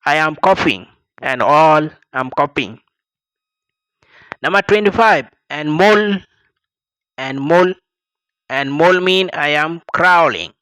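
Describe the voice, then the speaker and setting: A man's voice: a little high, lively intonation, slow pace, pauses often, fairly bright tone, smooth, no room sound, low-quality recording. A young South Sudanese man with a Dinka first language, teaching vocabulary and repeating each word several times with plain translations. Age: young adult. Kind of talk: slow vocabulary lesson with repetition.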